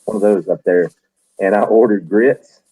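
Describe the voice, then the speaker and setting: A Southern man in his fifties hosts a casual chat and spins rambling stories full of "like" and restarts. His voice sits low and sounds dark and mellow. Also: moderate pace, slightly rough, poor audio. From Deep South of the US. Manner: rambling storyteller, many "like" and restarts. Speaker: homesteading show host. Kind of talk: casual chat while canning.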